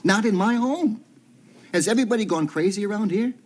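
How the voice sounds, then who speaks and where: Blustering father; high, jumpy delivery, indignant. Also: expressive, fairly quick. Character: blustering middle-aged father of the house. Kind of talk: 1970s TV soap acting.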